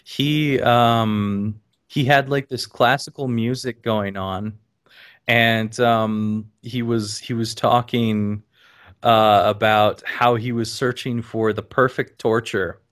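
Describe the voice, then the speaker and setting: A man on a casual podcast, telling stories animatedly with lots of ums and sudden high-pitched laughter. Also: fairly even intonation, slow, fairly bright tone. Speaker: podcast guest.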